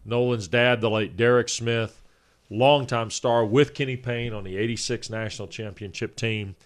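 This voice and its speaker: A man in his fifties co-hosting a sports talk show, laying out his points in a measured, orderly way. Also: medium pitch, fairly even intonation. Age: 50s. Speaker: sports radio co-host.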